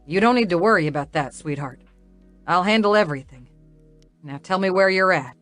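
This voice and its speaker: A woman voicing a calm, protective young man who speaks with a smooth, soothing drawl in an audiobook. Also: fairly low pitch, fairly quick, faint music behind, natural voice.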